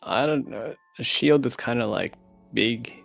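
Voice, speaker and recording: A man's voice: mid-range voice, unhurried, gravelly, fairly bright tone, no echo, faint music behind. A man playing a tabletop game, talking in a casual, hesitant way. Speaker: player. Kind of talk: casual tabletop role-play.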